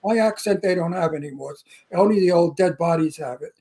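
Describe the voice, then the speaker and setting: A talkative man with a thick Brooklyn accent, co-hosting a relaxed interview show. He drifts into anecdotes and acts out quotes as he goes. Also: on the high side, fairly quick, breathy edge. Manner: talkative, tells stories with acted-out quotes. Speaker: co-host. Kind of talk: casual interview chat.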